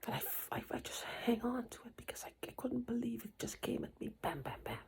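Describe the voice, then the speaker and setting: A woman vlogger with a foreign accent, whispering an agitated, swearing personal rant with halting restarts. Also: fairly high pitch, sing-song, a little mellow, slightly rough. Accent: some foreign accent.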